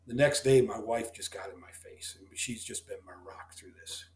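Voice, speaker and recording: A man's voice: on the low side, normal speed. A middle-aged man, a dairy farmer telling his story in a plainspoken, folksy way as a podcast guest. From Missouri. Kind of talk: heartfelt storytelling in a podcast interview. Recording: roomy echo.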